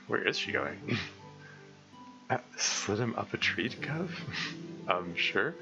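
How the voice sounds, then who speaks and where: A man's voice: fairly low pitch, big pitch swings, slow pace, gravelly, lo-fi sound, over music. A man streaming live, commenting on a game in a rambling, laugh-filled way with many restarts.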